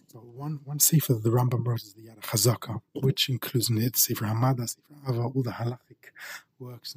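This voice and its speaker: A middle-aged man giving an earnest Torah talk as a rabbi, repeating phrases for emphasis. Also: medium pitch. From England.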